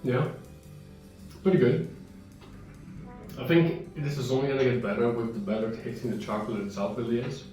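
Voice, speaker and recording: A man's voice: medium pitch, steady tone, normal speed, long pauses. Chatty man in a very echoey room. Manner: chatty, rambling, talks while chewing. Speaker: vlogger tasting chocolate. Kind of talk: casual food-review chat. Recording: very echoey room, mic far off, guitar music behind. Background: soft guitar music.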